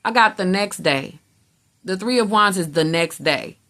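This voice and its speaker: In an unhurried, bright, forceful mid-range voice, a woman does a casual tarot reading. She's emphatic and blunt, swears without restraint, and mimics how others respond.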